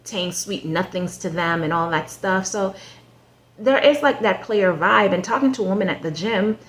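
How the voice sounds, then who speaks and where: A woman's voice: medium pitch, normal speed, a bit bright. A woman in a casual, chatty show recap who rambles with lots of "um", "like" and "you know", giving her opinions and speaking straight to the people she discusses.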